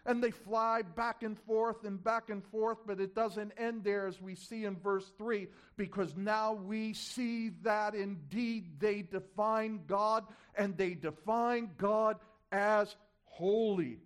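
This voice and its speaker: A man's voice: high-pitched, steady tone, slow, hardly any pauses, clean tone. A man preaching a sermon, repeating key words for emphasis and asking the congregation rhetorical questions.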